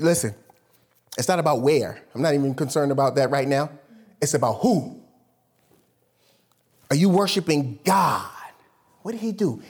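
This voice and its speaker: A pastor preaches a sermon to his church, his husky voice swinging from loud, high bursts down to low murmurs.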